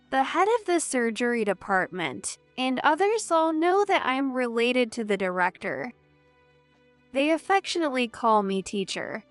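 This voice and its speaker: A woman tells a first-person family drama in a measured, steady storytelling voice. Her voice is fairly high, smooth and clear, and she speaks slowly over faint background music. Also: no room sound. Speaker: narrator.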